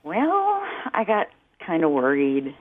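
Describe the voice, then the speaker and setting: A woman in her forties calling in to a radio show, sheepish and flustered, turning animated as she retells things. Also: low-pitched, slow. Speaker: caller. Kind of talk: phone-in chat on a radio show. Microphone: phone. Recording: tinny phone line.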